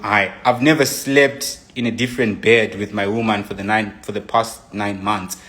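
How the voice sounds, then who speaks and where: A man recounting a painful personal story in an earnest, agitated way. He often restarts phrases and acts out his own texts and thoughts. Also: mid-range voice.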